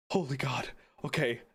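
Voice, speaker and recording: A man streaming a game live, phlegmy from being sick, excitable and swearing freely as he talks. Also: mid-range voice, creaky, slightly rough.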